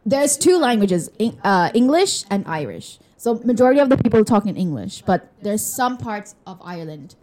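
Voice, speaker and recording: Co-hosting a podcast from a room with a glass wall, a young woman talks candidly and chattily, laughing and leaning heavily on fillers. Her medium-pitched voice has big pitch swings and a darkish tone, moving at a moderate pace with few pauses.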